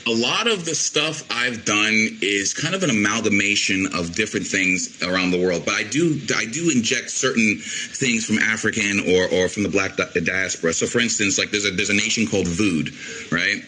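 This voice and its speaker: A male guest in a relaxed podcast interview, with a fairly low voice and a bright, forceful tone. He explains his creative ideas earnestly and sometimes restarts a thought mid-sentence. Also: normal speed, slight background noise, low-quality recording. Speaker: guest, animated show creator. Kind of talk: casual conversational interview.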